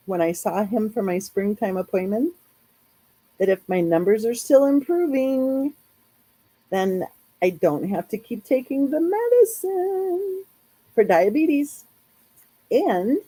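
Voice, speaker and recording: A true crime channel host chats casually on a live stream, rambling along with plenty of fillers. Her voice is medium in pitch, dark and husky, and the recording quality is low.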